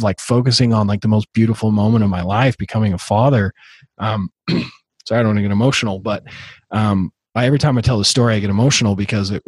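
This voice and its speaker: A man in his thirties, a podcast guest telling his own story in a halting way, with many fillers and restarts. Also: lowish voice, slightly rough, no room sound. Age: 30s. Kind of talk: casual interview storytelling.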